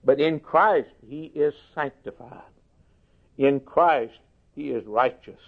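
A man preaching a sermon slowly and emphatically, lifting his voice for quoted scripture. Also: mid-range voice. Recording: tinny phone-like recording.

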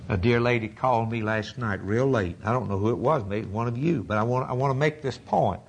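A man preaching a fervent sermon, emphatic and repetitive, with a husky voice. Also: medium pitch, a little fast, a little hiss or hum.

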